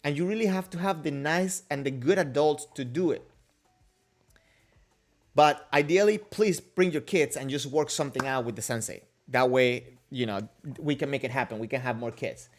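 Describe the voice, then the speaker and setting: A man with a medium-pitched voice hosts a casual kendo livestream at a moderate pace. He answers viewer comments and questions in a rambling, joking way, restarting often.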